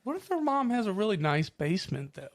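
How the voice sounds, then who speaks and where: A man's voice: high-pitched, big pitch swings, quick pace. A man co-hosting a podcast, tossing in joking remarks, coughing and his voice cracking now and then. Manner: joking interjections. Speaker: podcast co-host. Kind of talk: casual podcast chat.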